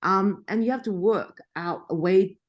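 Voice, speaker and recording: A woman's voice: mid-range voice, normal speed, lo-fi sound. A woman explaining a point casually, voice rising for emphasis.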